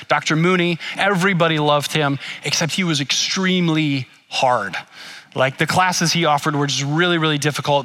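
Middle-aged guy preaching, bright kinda high voice, animated storyteller. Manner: animated storytelling, acts out whispered asides. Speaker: pastor. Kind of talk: sermon with personal story.

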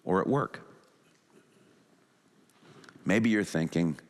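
A male pastor preaching a sermon with animated delivery, acting out quoted thoughts in a rising and falling voice. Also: mid-range voice, normal speed, in a large hall. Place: church sanctuary.

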